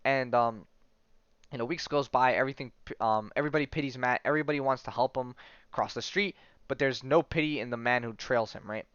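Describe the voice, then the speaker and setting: A podcast host recapping a comic book story in a relaxed, rambling way, with many fillers and self-corrections as he reads the dialogue aloud. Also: mid-range voice, brisk, clean tone, no echo, lo-fi sound.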